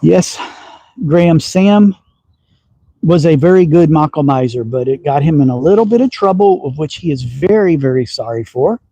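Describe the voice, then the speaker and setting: A man's voice: fairly high pitch, lively intonation, moderate pace, dark tone, no echo, low-quality recording. A man from Texas with a slight Southern accent, hosting a casual livestream and chatting while he shoots outdoors. He talks in a folksy, teasing way and chuckles often. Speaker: slingshot livestream host. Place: outdoor backyard shooting range.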